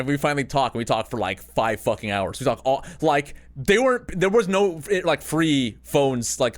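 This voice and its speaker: Casting: thirties male podcast host, casual anecdote, loose and profane, laughs at himself, mid-range voice. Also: medium pitch. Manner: rambling, profane, self-mocking anecdotes with laughter. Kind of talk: casual storytelling.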